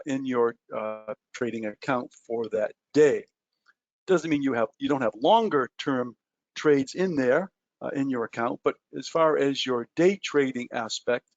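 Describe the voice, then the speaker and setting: A man's voice: medium pitch, no echo. A man walks through trading basics on a webinar whiteboard, talking loosely with plenty of ums and uhs. He cracks small jokes at his own expense as he goes. The audio is dull and lo-fi, with a dry, close sound. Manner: loose and chatty, many ums and uhs, self-mocking jokes.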